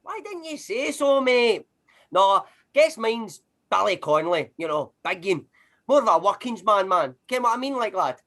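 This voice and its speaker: A brash, slangy working-class Scottish man, played by a woman, who swears freely and talks bluntly. A Scottish accent with a lively, swooping pitch that keeps bouncing around. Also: normal speed. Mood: cheery. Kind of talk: comedy sketch rehearsal on a video call.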